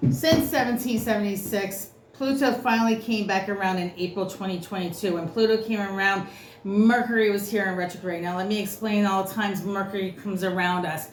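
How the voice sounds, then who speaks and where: A woman tarot reader with a mid-range voice gives an unscripted reading, talking a little fast in a steady tone. She rants bluntly and curses freely, and the recording has a roomy echo with faint noise.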